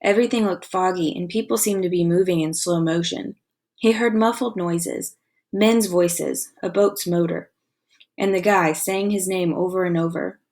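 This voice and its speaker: Expressive woman teacher reading aloud. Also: lowish voice, moderate pace. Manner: expressive storytelling with comprehension questions. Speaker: elementary school teacher. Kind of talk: reading a novel aloud to a class.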